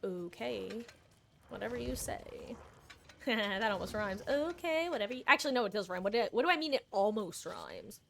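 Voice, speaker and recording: A woman's voice: medium pitch, expressive, normal speed, vocal fry, fairly bright tone, slight background noise. A woman streamer chatting casually and playfully while she plays a game, rambling and correcting herself as she goes. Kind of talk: casual live-stream chat while gaming.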